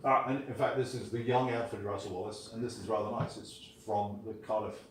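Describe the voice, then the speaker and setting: A man's voice: fairly low pitch, steady tone, brisk, slight background noise. A man gives a lecture, telling the story with energy and dry, wry asides. He sounds a little distant from the microphone, and the hall adds a roomy echo. Faint room ambience sits behind him. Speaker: guest lecturer. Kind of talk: public lecture on history of science.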